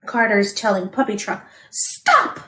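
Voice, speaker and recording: A woman librarian reading a picture book aloud to young children, asking them questions and making lively sound effects. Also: high voice, measured pace, reverberant.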